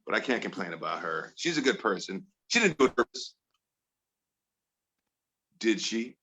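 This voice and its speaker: A middle-aged man from Chicago doing a stand-up set, telling exasperated stories about his home life and mimicking his family in higher voices. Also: sing-song, moderate pace, sharp tone. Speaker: stand-up comedian. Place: comedy bar with audience.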